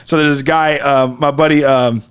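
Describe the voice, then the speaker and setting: A man in casual conversation, telling a long story with animated shouts and acted-out voices of the people in it. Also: mid-range voice, moderate pace, clear, resonant tone. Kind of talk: casual podcast chat.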